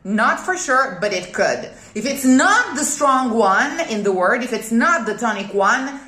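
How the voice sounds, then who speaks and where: A woman's voice: on the high side, animated, measured pace, sharp tone. Italian lady coaching diction, keeps checking okay?, patient and methodical, roomy echo. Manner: methodical, repeats key points, checks with "okay?". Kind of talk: one-on-one teaching explanation.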